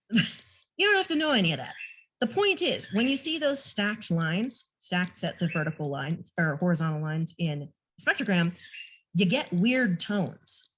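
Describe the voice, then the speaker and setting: A woman's voice: fairly low pitch, fairly bright tone, husky. Woman explaining bird sounds casually. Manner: casual, self-deprecating explaining. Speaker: naturalist presenter. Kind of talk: online training talk. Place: home room with a pet bird nearby.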